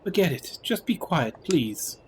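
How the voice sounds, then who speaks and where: A man's voice: a little high, very animated, measured pace, slight background noise, pitched above the performer's own voice. A man voicing an earnest young heroine who answers back in an indignant, raised voice.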